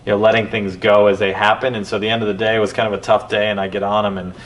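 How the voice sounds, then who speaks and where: A man hosting a podcast, telling stories in a rambling, animated way with many restarts. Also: on the low side, fast. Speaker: podcast host. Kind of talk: casual conversation. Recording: distant mic with faint background noise.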